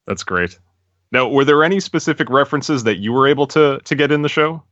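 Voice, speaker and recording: A man from Cape Cod hosting an interview, easygoing and quick to laugh. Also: mid-range voice, animated, fairly bright tone, dry recording, muffled recording. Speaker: host. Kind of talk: interview questions.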